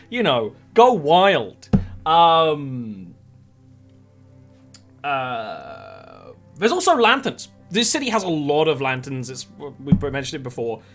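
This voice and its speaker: A man narrating as game master, rambling through scene descriptions with lots of fillers. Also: mid-range voice. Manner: animated, rambling with many fillers. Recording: faint music bed behind.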